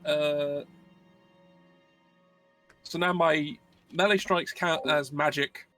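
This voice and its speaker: A man's voice: fairly high pitch, steady tone, extremely slow, sharp tone, soft background music. A man playing a tabletop game, explaining his turn hesitantly with many fillers. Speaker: player.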